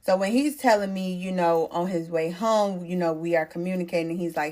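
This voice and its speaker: A young woman tells her story straight to camera in a casual, chatty way. She is blunt and animated, and she swears and uses slang freely. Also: on the low side, a little fast, few pauses. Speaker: storytime vlogger.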